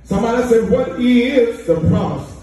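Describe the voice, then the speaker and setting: High-voiced preacher chanting in an echoey hall. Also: male voice, lively intonation, normal speed, warm tone. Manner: joking, chanting sing-song cadence, call and response. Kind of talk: sermon. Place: church sanctuary. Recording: echoey church hall from far off with music.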